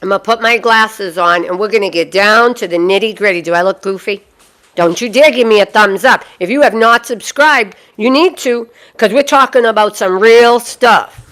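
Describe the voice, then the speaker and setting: A woman's voice: mid-range voice, normal speed, fairly bright tone. A woman with a Boston accent hosting a live stream as a dog breeder, chatty and folksy, repeating phrases for emphasis as she talks to her viewers.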